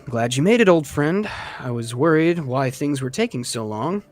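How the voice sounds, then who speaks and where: A man voicing an exhausted middle-aged male official who speaks quietly, dry and weary. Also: medium pitch, lively intonation, moderate pace, faint music behind, close to an everyday voice. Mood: relieved.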